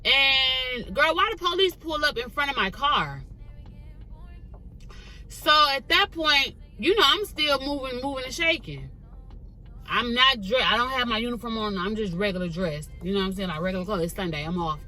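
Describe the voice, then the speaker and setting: A woman's voice: on the high side, moderate pace, faint music behind, poor audio. A young woman chatting casually as she tells a story from her car, talking straight to her viewers. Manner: chatty, animated, addresses viewers as "girl". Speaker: vlogger telling a story. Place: parked car.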